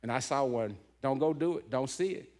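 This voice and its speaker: A man's voice: mid-range voice, normal speed, a little mellow. A middle-aged man tells a personal story to a gathering of men, earnest and heartfelt. His voice sits in a mid range. He keeps the room with him by asking "right?" after his points. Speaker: keynote speaker. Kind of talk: emotional storytelling talk to a men's gathering.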